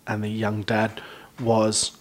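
A young Australian man hosting a podcast, chatting casually and rambling through animated stories. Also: lowish voice, slow. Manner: rambling storyteller, animated retellings. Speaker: podcast host. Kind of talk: casual chat.

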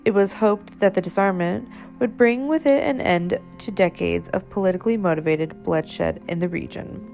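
A woman with a mid-range voice and a gravelly edge hosts a history podcast, reading her script in a friendly, casual way. Soft music plays faintly behind her. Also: mid-range voice, normal speed, few pauses. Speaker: podcast host.

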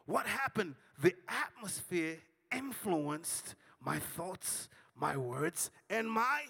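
A man preaching with a high, bright voice that leaps into shouts and then drops to a near hush. He acts out the voices in his stories and calls on the congregation to answer him. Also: expressive, slow pace, vocal fry, husky, big-room sound. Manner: dramatic storytelling with big swings between shouting and hushed tones; acts out dialogue with audience call-and-response. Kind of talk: sermon.

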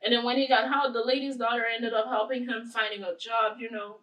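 A woman's voice: on the high side, level tone, a little fast, a bit bright, recorded from a distance, lo-fi sound. A woman co-hosting a podcast, telling a story casually and often breaking into giggles. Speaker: podcast co-host. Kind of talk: casual chat.

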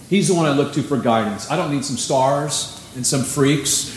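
A man preaching a sermon as pastor, conversational and animated, with sudden emphasis. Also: a little high, normal speed, hardly any pauses, slight background noise. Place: church sanctuary. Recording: echoey room, faint ambience.

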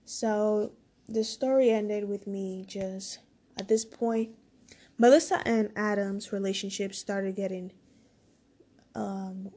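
A woman's voice: mid-range voice, steady tone, takes it slowly, dark tone. A woman casually telling a personal story, rambling and full of "like" as she quotes what people said.

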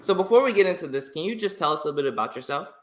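A young man hosting a casual interview podcast, excitable and laughing often. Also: fairly high pitch, rapid-fire, roomy sound, a little hiss or hum. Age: young adult. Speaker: podcast host.

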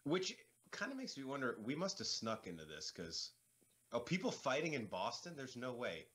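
A man's voice: medium pitch, wildly swooping pitch, moderate pace, fairly bright tone. A man in his thirties co-hosting a movie commentary podcast, dry and wisecracking as he shares trivia. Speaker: podcast co-host. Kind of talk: casual movie commentary chat.

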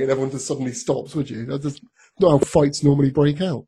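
A man's voice: on the high side, fast, mellow, a little hiss or hum. A man co-hosting a podcast, chatting casually about a TV episode, with many ums and frequent laughs. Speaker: podcast co-host. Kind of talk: casual chat recapping a TV episode.

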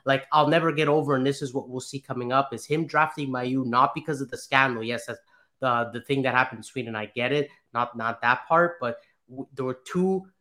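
A man's voice: mid-range voice, brisk, sharp tone. A man on a sports podcast chatting casually, hesitant and rambling with many restarts. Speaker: podcast panelist.

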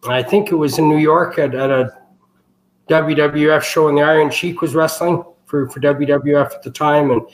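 A man's voice: on the high side, steady tone, normal speed, a little hiss or hum, low-quality recording. A man telling wrestling stories as an interview guest, rambling, with many fillers and restarts. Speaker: guest, wrestling family member. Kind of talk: casual storytelling interview.

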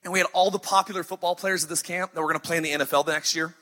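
Brief: man, 30s, pastor mid-sermon, husky and high, faint music under him. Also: fairly even intonation, bright, forceful tone. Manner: emphatic, storytelling with sighs and dramatic pauses. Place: church sanctuary, live.

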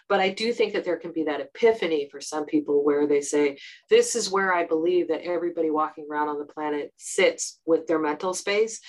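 A woman's voice: low-pitched, poor audio. A middle-aged woman speaking frankly and emphatically as a guest in an interview. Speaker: podcast guest. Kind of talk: candid interview conversation.

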